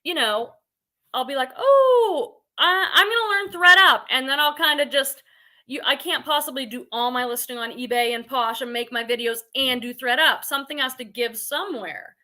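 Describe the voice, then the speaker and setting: A woman's voice: high-pitched, fairly even intonation, normal speed, sharp tone. A woman hosting a casual reselling livestream from her living room, chatty and rambling, greeting viewers by name. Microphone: computer webcam on livestream.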